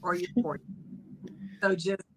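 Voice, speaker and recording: A woman co-hosting a talk show, speaking calmly and in a measured way, slowing down as she closes the show. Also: fairly low pitch, a little hiss or hum. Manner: calm, measured, slows down to close. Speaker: co-host and coach. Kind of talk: reflective talk-show chat.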